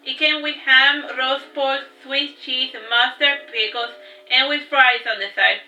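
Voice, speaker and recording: Bright-voiced woman reading her own story. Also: high voice, steady tone, unhurried, soft background music. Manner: unpolished reading with restarts and slips. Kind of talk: casual reading aloud of her novel. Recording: roomy, distant, dull home recording.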